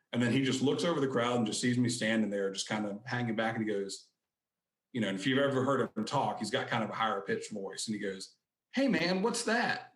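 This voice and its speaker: A man's voice: on the low side, a bit bright, roomy sound. A man, a podcast guest, casually telling rambling anecdotes and acting out the quotes. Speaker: podcast guest, book collector. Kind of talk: casual storytelling.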